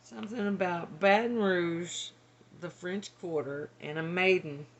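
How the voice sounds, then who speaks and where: A woman's voice: on the low side, a little slow, highs cut off, a little hiss or hum. A woman working as a psychic medium, relaying channeled messages in a hesitant, tentative way. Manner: hesitant, tentative, laughs between.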